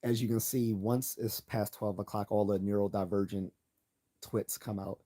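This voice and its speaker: A man hosting a late-night livestream, talking bluntly and sarcastically while hoarse from losing his voice. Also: on the low side, fairly even intonation, moderate pace, mellow. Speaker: livestream host.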